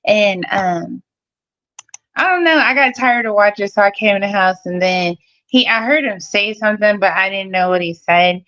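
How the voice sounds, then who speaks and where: A woman's voice: mid-range voice, normal speed, a bit bright. A woman calling in to a live stream, arguing her side in a heated casual debate, blunt and sassy, swearing freely. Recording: dull lo-fi audio.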